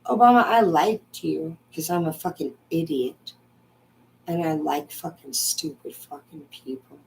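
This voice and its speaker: A young adult woman from Washington state, angrily ranting to her viewers and swearing constantly, swinging between loud outbursts and low muttering. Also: unhurried, creaky, a little hiss or hum, rough recording. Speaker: vlogger. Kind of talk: profane ranting monologue.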